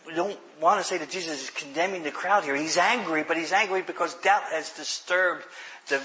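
A man preaching a sermon, explaining scripture earnestly, often restarting phrases and sinking to quiet emphasis. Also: on the high side, fairly quick, low-quality recording. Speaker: pastor.

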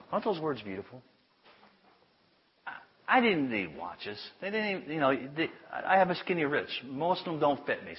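A man tells a church congregation a personal story as a sermon, chatty and amused at himself, letting his voice sink low and quiet on the heartfelt moments. His voice sits at an ordinary middle pitch. The recording is dull and lo-fi. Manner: chatty, self-amused, drops to a hush for tender lines. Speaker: preacher. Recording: dull lo-fi sound.

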